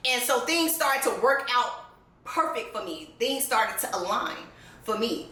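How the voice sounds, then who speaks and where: A woman with a high, bright voice tells her own story straight to camera, blunt and profane, laughing often. She sounds emotional, close to tears. She is picked up from a distance in an echoey room with faint noise behind her. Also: expressive, measured pace. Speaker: vlogger. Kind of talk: candid personal storytelling. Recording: roomy echo, distant mic, faint background noise.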